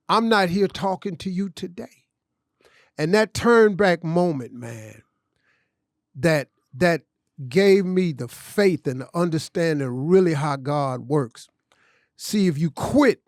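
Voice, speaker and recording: A man's voice: sits high, dry recording, studio quality. A man telling a personal story on a podcast, emphatic and conversational, often saying "man". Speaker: podcast guest, comedian. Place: studio.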